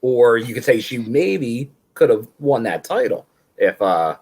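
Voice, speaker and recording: A man's voice: medium pitch, very animated, measured pace, creaky, a little mellow, breathy edge. A man co-hosting a casual podcast, hesitant and repeating his words. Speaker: podcast co-host.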